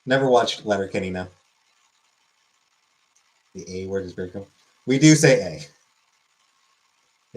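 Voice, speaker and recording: A man's voice: fairly low pitch, animated, measured pace, long pauses. A man casually answering viewer comments on a live stream in a dry, offhand way. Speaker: streamer reading chat.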